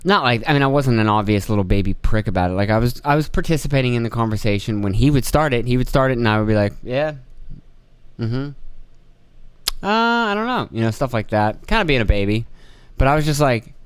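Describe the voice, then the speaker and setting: A man in his thirties hosts a solo podcast and rants about his week. He curses freely and sounds exasperated as he acts out his stories. His voice is smooth and resonant, recorded close and dry with no room sound. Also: medium pitch, no echo. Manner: profane, exasperated, animated storytelling. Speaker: podcast host. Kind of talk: casual solo rant.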